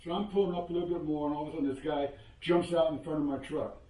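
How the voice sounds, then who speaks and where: A man in his seventies with a fairly high but mellow, warm voice tells his story with lively energy, acting out what people said and swearing as he goes. He sounds set back from the mic, and the room around him rings with echo. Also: racing. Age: 70s. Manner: animated, acts out quoted exchanges, curses freely. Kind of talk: casual spoken storytelling. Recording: roomy echo, voice from a distance.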